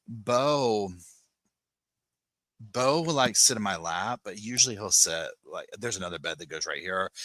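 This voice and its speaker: A man's voice: deep voice, sharp tone, dry recording. A man hosting a casual live-stream chat from home, greeting viewers by name and rambling along with plenty of "like" fillers. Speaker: podcast host. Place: home, on a sofa with dogs nearby.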